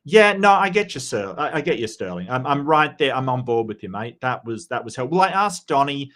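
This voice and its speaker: A man's voice: medium pitch, sing-song, brisk, fairly bright tone. A man hosting a live-streamed debate show, chatting casually with viewers, blunt and joking with some profanity, and reading out messages from the chat. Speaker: livestream debate host.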